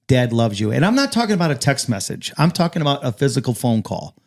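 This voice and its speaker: A man's voice: mid-range voice, sing-song, fast talker, darkish tone. A man hosting a casual roundtable conversation, speaking earnestly and often repeating words as he builds up to a point.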